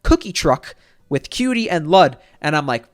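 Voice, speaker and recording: A young man, a streamer, telling a casual story in an excitable, profane, rambling way. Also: on the high side, normal speed.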